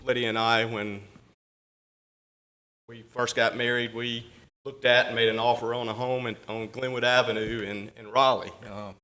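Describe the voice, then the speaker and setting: A man's voice: medium pitch, level tone, normal speed, pushed and bright. A man from North Carolina, a local official giving a folksy, self-deprecating speech at a council meeting.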